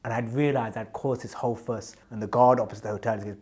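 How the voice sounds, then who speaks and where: A man telling a humorous personal story to an audience, animated and candid, acting out the lines of the people in it. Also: mid-range voice, fast talker, breathy edge. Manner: animated, acts out other people's quoted lines; self-reflective, candid.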